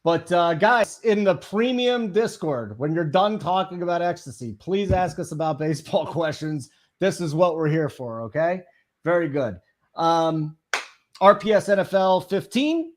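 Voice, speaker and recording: A man's voice: a little high, animated, unhurried. Joking man hosting a live show. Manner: playful, joking, plugging promo codes. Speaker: show host.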